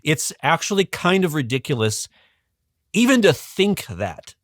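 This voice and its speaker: A man, a podcast guest and religious educator, telling a history in a casual, animated way, with frequent ums and restarts. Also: a little high, unhurried, no room sound, clean studio sound. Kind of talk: casual storytelling explanation.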